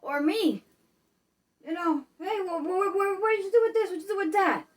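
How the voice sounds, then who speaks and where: A woman putting on a frantic grown child, pitched far above her usual speech and loud, stammering and whining as each new worry comes up. The voice sits a bit back from the mic. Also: moderate pace. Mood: panicky. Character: panicky grown child begging mom for help.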